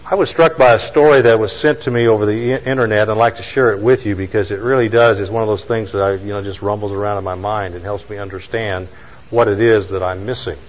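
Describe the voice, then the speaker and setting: A man preaching a sermon, telling a story with emphatic lines and slow, quiet stresses. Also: lowish voice, steady tone, big-room sound, dull audio. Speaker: pastor.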